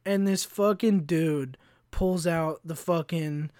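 A young man on his own podcast, swearing his way through a heated rant. His voice sits a bit high, and it is recorded dry and close with no room sound. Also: slow pace, a little mellow, dry recording. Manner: profane, heated ranting. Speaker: podcast host.

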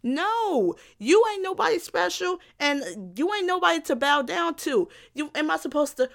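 A woman's voice: very high voice, animated, normal speed, vocal fry, few pauses. A young woman hosting a solo podcast, delivering a heated, profane, sarcastic rant alone in a room. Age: young adult. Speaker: podcast host.

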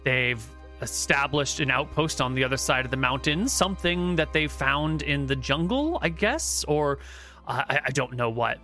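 A man voicing a weary new lord of a besieged outpost who talks haltingly and pleads for help, played over an online voice call. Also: medium pitch, animated, bright, forceful tone, soft background music. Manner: halting, pleading, full of fillers.

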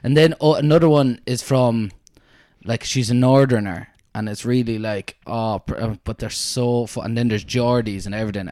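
Animated Irish man, dry close sound. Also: mid-range voice, normal speed, no echo. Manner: animated, laughs a lot while telling stories. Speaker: podcast co-host. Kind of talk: casual chat.

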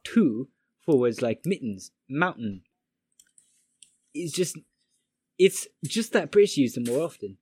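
A man casually reading a pronunciation guide aloud to friends, halting and restarting as he goes. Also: medium pitch, sing-song, warm tone, breathy edge.

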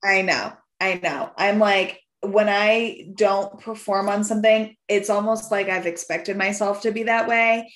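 A woman co-hosting a podcast, chatting casually and getting animated and loud as she tells a story. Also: mid-range voice, a little slow, hardly any pauses, reverberant. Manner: animated, swearing, rising to shouts when telling a story. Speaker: podcast co-host. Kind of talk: casual chat.

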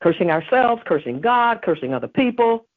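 A woman with a husky, breathy voice preaches a devotional message with earnest emphasis, weaving in scripture. The sound is dry and narrow, like a phone line. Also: a little high, very animated, moderate pace, no room sound. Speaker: podcast host.

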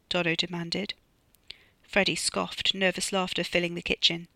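An author reading their own novella aloud as audiobook narration, measured and steady. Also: medium pitch, no room sound.

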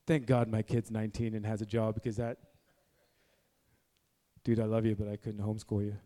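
A man's voice: flat delivery, a little fast, long pauses. Blunt, fiery man preaching. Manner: blunt, swings between low intensity and loud exhortation. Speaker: preacher at a men's meeting. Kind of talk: fiery sermon. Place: indoor room with a gathered group.

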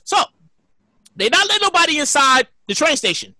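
A woman hosting a podcast, telling a story in a casual, animated way, swearing and repeating her lines. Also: high voice, moderate pace, no echo, studio quality. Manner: animated, profane, repeats herself. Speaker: podcast host.

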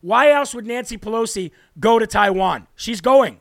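A male political talk host with a strikingly high voice and a brash, forceful delivery. He hammers his points home in short repeated bursts, recorded dry and close with no room sound. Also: moderate pace, gravelly, no echo. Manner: brash, emphatic, repeats for emphasis. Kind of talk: live political commentary.

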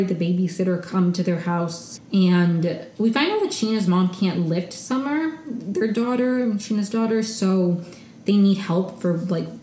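A chatty young woman hosts a casual solo recap, full of "like" fillers and plain opinions. Her voice sits a little low and sounds mellow. The recording carries a roomy echo with a faint hum underneath. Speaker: podcast host recapping reality TV.

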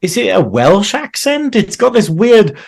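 A man's voice: high voice, measured pace, creaky, husky. A man co-hosting a casual film chat, laughing often and acting out quotes. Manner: animated, laughs often, quotes people in playful voices. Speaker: podcast co-host.

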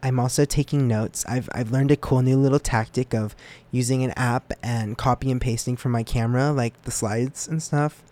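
A young man hosting a student podcast, talking casually on his own, rambling and joking at his own expense, with sudden upward leaps in pitch. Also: normal speed. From United States. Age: young adult. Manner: rambling and self-deprecating, with lively jumps in pitch. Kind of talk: casual solo podcast monologue.

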